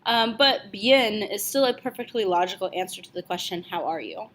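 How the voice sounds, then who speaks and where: A young woman teaching a French lesson, speaking clearly and slowly repeating each phrase. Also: mid-range voice, animated, fairly bright tone, slight background noise. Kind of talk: video language lesson.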